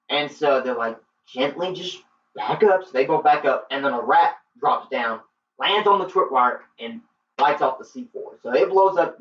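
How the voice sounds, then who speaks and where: A man's voice: mid-range voice, fairly bright tone, a little hiss or hum. A man giving a casual film review, retelling the plot in a rambling way and filling his talk with "like". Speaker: movie reviewer. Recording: roomy, distant, dull lo-fi sound.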